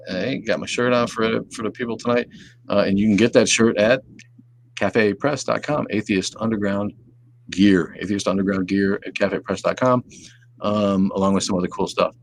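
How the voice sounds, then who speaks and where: A man's voice: lowish voice, steady tone, normal speed, creaky, a little hiss or hum. A man hosting a casual livestream, reading viewer comments and rambling profanely, often trailing off into mumbles. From Southeast Wisconsin. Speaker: livestream host.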